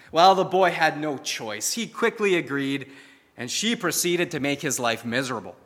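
A man's voice: on the high side, animated, moderate pace, bright, forceful tone, big-room sound. A man preaching a sermon, earnest and emphatic, who tells stories with vivid energy. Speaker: pastor.

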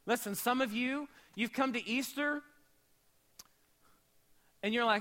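High, bright-voiced man preaching. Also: takes it slowly, pauses often. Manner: animated, swings between shouting and hushed storytelling. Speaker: pastor. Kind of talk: sermon.

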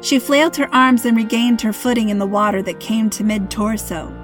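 Higher-voiced woman narrating a story. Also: fairly even intonation, fairly quick, faint music behind. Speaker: podcast host and author.

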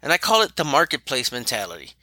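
A man's voice: medium pitch, huge pitch swings, fast talker, sharp tone, no room sound. A man who runs an auto repair shop, telling stories in a loose, rambling way. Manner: loose, rambling, with frequent restarts. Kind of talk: casual storytelling chat.

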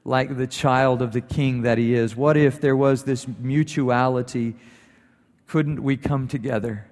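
A male pastor preaching a sermon and telling a story, his voice rising for emphasis and softening into prayer. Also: medium pitch. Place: church sanctuary. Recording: long reverb of a church hall.

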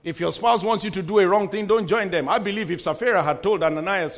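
A man's voice: high-pitched, fast, hardly any pauses. A man preaching a sermon as pastor, emphatic, repeating refrains and dropping in humorous asides.

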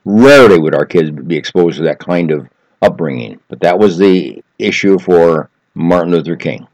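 A man telling a story in an earnest, measured way, building emphasis through repetition. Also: low-pitched, lively intonation, a little mellow, no echo, poor audio. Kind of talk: reflective storytelling talk.

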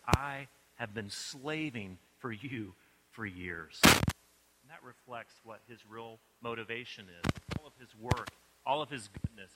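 Emphatic male preacher, clicking noise. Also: mid-range voice. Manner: expressive storytelling, swings between soft and emphatic. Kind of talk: sermon.

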